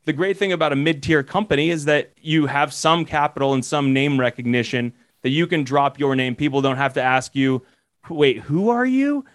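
A man's voice: mid-range voice, fairly even intonation, a little fast, hardly any pauses, a bit bright. Rambling man coaching on sales. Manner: rambling, many restarts, coaching tone. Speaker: commercial real estate broker and course mentor. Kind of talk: casual podcast advice.

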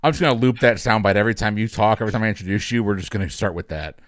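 A man's voice: fairly low pitch, racing, no room sound, studio quality. A man hosting a casual podcast chat, joking and greeting each guest by name. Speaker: podcast host.

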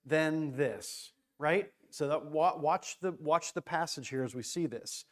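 A man leading an informal Bible study, talking excitedly, restarting phrases and stressing key words. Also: on the high side, moderate pace, few pauses.

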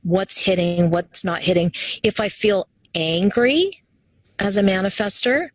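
A woman's voice: medium pitch, animated, unhurried, no echo, low-quality recording. A woman guest in a casual interview, talking animatedly and acting out quoted voices as she tells her stories. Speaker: interview guest, human design teacher.

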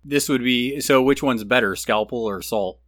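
Bright-voiced man joking about a game. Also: medium pitch, moderate pace, no room sound, clean studio sound. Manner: agreeable, jokey, chimes in with short affirmations. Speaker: podcast co-host. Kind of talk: casual tabletop game discussion.

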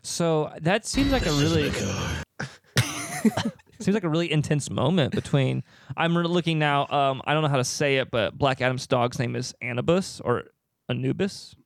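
A man's voice: on the high side, fairly quick, no echo, clean studio sound. A man co-hosting a podcast, asking playful, teasing questions in casual chat. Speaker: podcast co-host.

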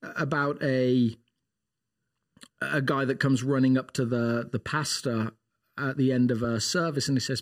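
A man's voice: medium pitch, steady tone, measured pace. A man co-hosting a casual podcast chat, a pastor who tells long stories with restarts and laughs often. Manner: rambling storyteller, laughs often, trails into restarts.

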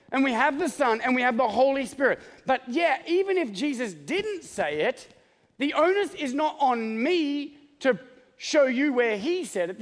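A man preaching a sermon as pastor, joking and animated, often checking in with the congregation with "okay?". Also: very high voice, big-room sound. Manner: joking, animated, talks straight to the congregation with many "okay?" asides.

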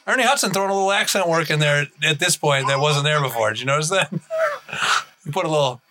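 A man's voice: on the high side, fairly quick. A man co-hosting a movie-watching podcast, talking casually with lots of swearing and laughter. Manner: profane, laughing, animated. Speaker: podcast co-host.

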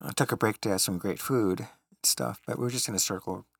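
A man with a low, gravelly voice trading stories as a podcast co-host. He talks casually and laughs easily, and the sound is close and dry, with no room around it. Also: quick pace, no echo. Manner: chatty storyteller who laughs often. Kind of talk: casual chat.

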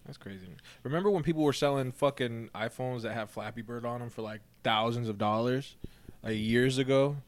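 A man from Florida co-hosting a casual podcast, recalling things in a relaxed, wry, slangy way. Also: mid-range voice, a little fast. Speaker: podcast co-host. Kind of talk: casual chat.

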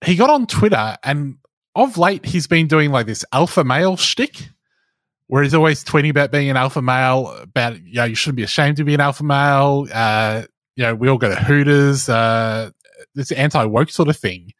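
A man's voice: mid-range voice, normal speed, a bit bright, no room sound. A man co-hosting a casual podcast chat, talking with wry, dry teasing. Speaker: podcast co-host.

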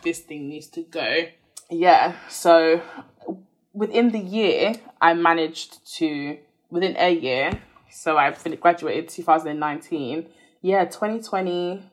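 A woman in her twenties, a podcast guest candidly telling a personal story in a chatty, earnest way, full of "like" fillers. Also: deep voice.

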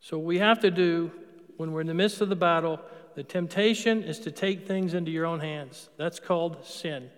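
A man's voice: on the high side, moderate pace, clear, resonant tone, big-room sound. A man preaching a sermon as a Catholic priest, talking conversationally and putting questions to the congregation before answering them. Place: church.

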